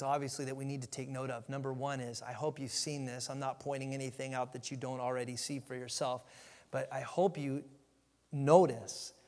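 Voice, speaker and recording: Emphatic, animated man preaching a sermon. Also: mid-range voice. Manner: animated and emphatic, with frequent restarts. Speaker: pastor. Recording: long reverb in a large hall.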